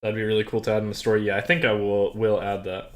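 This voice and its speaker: A man's voice: on the low side, level tone, fast. A man streaming and chatting casually, rambling with lots of "like" fillers and self-corrections.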